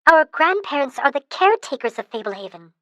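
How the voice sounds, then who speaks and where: A woman's voice: high-pitched, very animated, brisk, fairly bright tone, dry recording, studio quality, pitched above the performer's own voice. A woman reading an audiobook, voicing a brave young girl who speaks in an urgent, pleading way.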